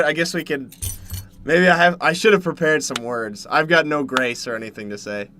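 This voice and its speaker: A man from Canada, streaming casually from home while eating, jumping from loud yelps to low mumbles. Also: a little hiss or hum. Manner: excitable, jumps to loud yelps then mumbles. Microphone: desk mic, no headset.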